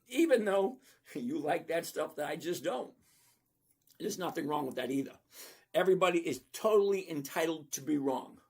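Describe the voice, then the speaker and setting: Blunt, husky stock-chat host. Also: mid-range voice. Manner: blunt and playful, with emphatic repetition. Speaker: stock trading livestream host. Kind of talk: casual livestream chat reading viewer comments.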